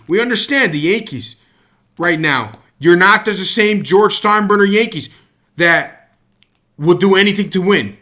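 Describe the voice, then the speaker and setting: Exasperated and rambling, an American man monologues about sports, repeating and restarting his words often. His high-pitched voice carries a sharp tone, in a casual rant.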